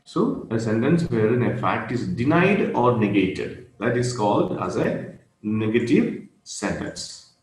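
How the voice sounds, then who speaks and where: A man giving an online grammar lesson, speaking slowly and repeating key phrases with pauses. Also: mid-range voice, very animated, darkish tone. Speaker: grammar teacher. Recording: roomy echo with faint noise.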